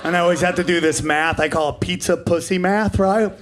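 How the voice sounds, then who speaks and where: A man in his forties doing a stand-up comedy set on a club stage, brash and profane, jumping into characters in quick bursts. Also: high voice, fairly even intonation. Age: 40s. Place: comedy club stage before a live audience.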